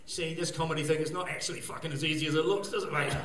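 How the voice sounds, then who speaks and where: A man with a slightly high voice speaks very fast in a fairly even tone. He's a stand-up comedian running through a rambling, crude set at a comedy gig, laughing at his own jokes before a live audience. The recording carries the echo of the live venue.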